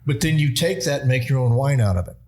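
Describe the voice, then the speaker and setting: A man co-hosts a podcast with a medium-pitched voice. He rambles, restarts his sentences, and clears his throat now and then. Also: animated, fast, darkish tone, rough recording. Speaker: podcast co-host. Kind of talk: casual podcast chat.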